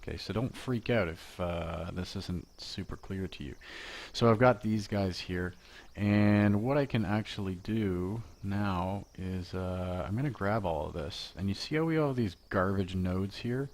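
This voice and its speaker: A man walks students through a software lesson from his home, chatty and joking, often talking to himself as he works. His voice sits on the low side and has a gravelly texture. He speaks at an unhurried, drawn-out pace. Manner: chatty, joking, talks to himself while working. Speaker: teacher. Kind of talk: casual screen-recorded software lesson.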